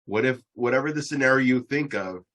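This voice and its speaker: A man's voice: mid-range voice, a little fast, fairly bright tone. A man in a casual podcast chat, rambling and swearing as he restarts his sentences.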